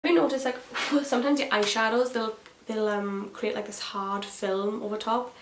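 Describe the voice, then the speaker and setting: A woman's voice: fairly high pitch, steady tone, moderate pace. A woman vlogging a chatty makeup tutorial, rambling with gossipy asides and plenty of fillers. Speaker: beauty vlogger. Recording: echoey room with faint hiss.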